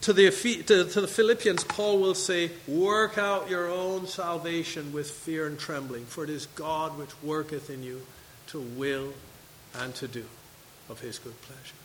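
A man's voice: a little high, steady tone, a little slow, fairly bright tone, long reverb tail, a little hiss or hum, low-quality recording. A man preaching a sermon to his congregation, reading scripture and asking questions. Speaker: pastor. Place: church sanctuary.

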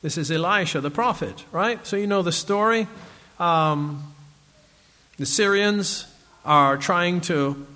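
A man delivers a sermon with a bright, slightly high voice, reading scripture and breaking into small chuckles. He keeps it animated and conversational with his listeners. The sound carries a long reverb, as in a large hall. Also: slow. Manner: animated, laughing asides, reads scripture aloud. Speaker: preacher.

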